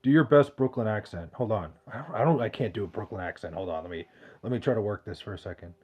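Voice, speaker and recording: A man's voice: lowish voice, quick pace, a little mellow, breathy edge. A man hosting a podcast, reading out chat questions in loose, profane, joking banter. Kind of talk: casual chat.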